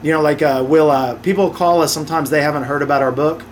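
A man with a slightly higher voice than most talks through his experiences as an interview guest. He tells each story with animated energy and slips into quick impressions of other people along the way. A faint hiss sits under the recording. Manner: animated, acts out customers' voices in quick asides. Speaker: podcast guest, real estate investor and author.

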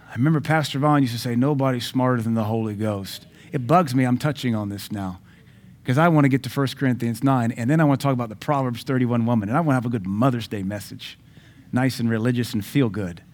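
This is straightforward church preaching: a pastor with a mid-range voice pushes each point emphatically from the pulpit. His volume jumps abruptly between insistent loud declarations and quieter, drawn-out asides, and his manner is forceful and direct.

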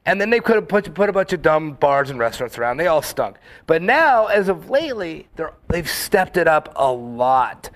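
A man's voice: on the high side, normal speed, hardly any pauses. Rambling man telling bar stories. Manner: rambling, animated storytelling with many fillers; acts out quoted lines in the story. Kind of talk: casual chat.

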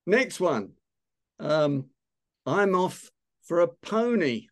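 A man's voice: a little high, very animated, drawn-out words. An older man with a London Cockney accent hosts a casual online session. He talks in a chatty, playful way and quizzes his listeners on slang. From London, England. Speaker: host of an online talk session. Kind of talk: casual hosted chat on slang.

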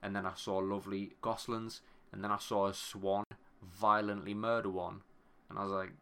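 A man in his thirties, a podcast co-host, telling a story in casual chat, animated and sweary, often breaking off mid-phrase. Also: on the low side, normal speed, clean tone.

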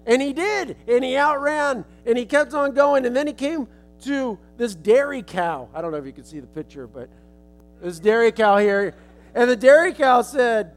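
High-voiced male preacher telling a story. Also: expressive, moderate pace, faint music behind. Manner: casual, folksy retelling. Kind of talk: storytelling sermon illustration.

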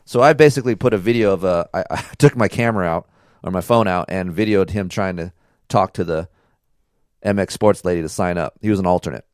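Low-voiced male podcast co-host, loose and profane, dry close mic. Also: brisk, no room sound. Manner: rambling, profane, animated storytelling. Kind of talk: casual chat.

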